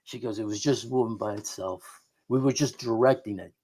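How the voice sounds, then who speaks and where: As a radio show guest who investigates the unexplained, a middle-aged man tells a personal story that meanders, full of restarts and quoted dialogue. His voice is lowish and dark with a breathy edge, and he speaks fairly quickly.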